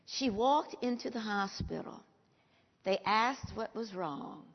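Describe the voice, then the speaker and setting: An older woman with a gravelly voice, telling a personal story to an audience slowly and emphatically. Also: medium pitch. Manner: slow, emphatic, emotional storytelling. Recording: dull lo-fi sound with long hall reverb.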